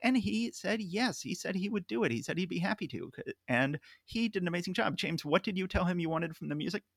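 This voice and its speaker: A man's voice: high voice, animated, fairly quick, gravelly, fairly bright tone, no room sound. A man hosting a podcast in casual chat, telling stories at length and laughing often. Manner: chatty, storytelling, laughs often. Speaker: podcast host.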